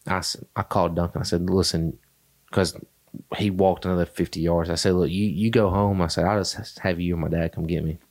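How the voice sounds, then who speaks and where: Deep-voiced man telling a rambling story. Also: steady tone, fairly quick, darkish tone. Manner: rambling storyteller, many fillers and restarts. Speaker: podcast host. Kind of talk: casual chat.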